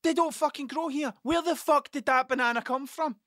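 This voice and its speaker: A man's voice: very high-pitched, a little fast, sharp tone, no room sound, clean studio sound. A Scottish man hosting a podcast, talking in a rambling, heavily profane casual monologue that keeps losing its thread. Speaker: podcast host.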